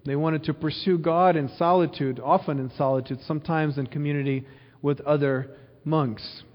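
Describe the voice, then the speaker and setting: A man preaching an earnest sermon, with a slightly higher-than-usual voice, repeating phrases and asking the listeners questions. His voice carries a long hall reverb, and the recording sounds a little dull. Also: steady tone, moderate pace. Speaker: pastor.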